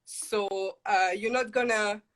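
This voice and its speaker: A woman's voice: mid-range voice, fairly even intonation, slow. A woman guest giving job-search advice in an interview, hesitant, searching for words with fillers. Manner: hesitant, many fillers and restarts while thinking. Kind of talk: casual interview chat.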